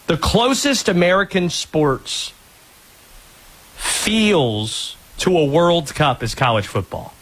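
A man from North Carolina hosting a sports talk radio show, dry and sarcastic, telling lively stories. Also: on the high side, breathy edge. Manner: sarcastic, animated storyteller.

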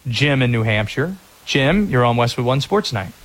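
Upbeat sports radio host. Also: male voice, medium pitch, expressive, moderate pace, a bit bright. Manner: upbeat, joking, laughs easily. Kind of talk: radio talk show.

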